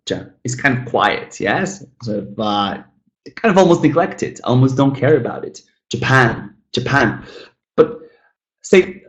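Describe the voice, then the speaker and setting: A man teaching a live online English lesson, repeating model words and talking directly to viewers in the chat. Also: mid-range voice. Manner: lively, demonstrative, repeats model words slowly, talks to chat.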